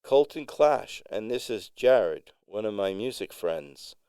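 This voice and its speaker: Man doing a cocky animated rock musician. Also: lowish voice, slow pace, clear, resonant tone, no room sound, pitched above the performer's own voice. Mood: showy. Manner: animated, boastful.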